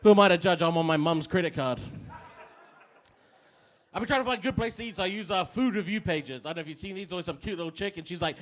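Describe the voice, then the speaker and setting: A man's voice: high voice, quick pace. A young man performing a crude, self-mocking stand-up set on a pub stage. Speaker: stand-up comedian.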